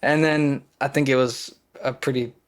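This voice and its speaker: A man's voice: mid-range voice, steady tone, moderate pace. A young man from Wisconsin, an actor and podcast guest, telling personal stories in loose, rambling casual talk and acting out his own past panic in quoted lines. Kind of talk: casual storytelling conversation.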